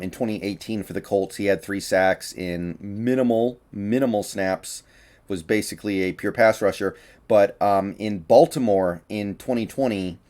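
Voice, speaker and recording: A man's voice: lowish voice, a little mellow. Slightly breathless man breaking down football. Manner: chatty, opinionated, with frequent fillers and restarts. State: a little out of breath. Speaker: sports commentator. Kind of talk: casual solo sports analysis.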